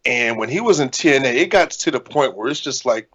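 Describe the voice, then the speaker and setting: A man's voice: medium pitch, animated, brisk, a bit bright, husky, muffled recording. A man in his thirties, co-hosting a podcast and talking in a candid, rambling way. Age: 30s. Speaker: podcast co-host, indie wrestler. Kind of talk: casual podcast chat.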